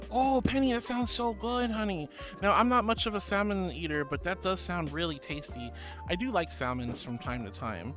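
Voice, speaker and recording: A man's voice: sits high, normal speed, fairly bright tone, soft background music. A man streaming as a virtual character, reading out viewer messages in an affectionate, playful way and calling people honey and sweetie. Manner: playful, makes silly noises. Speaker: VTuber streamer.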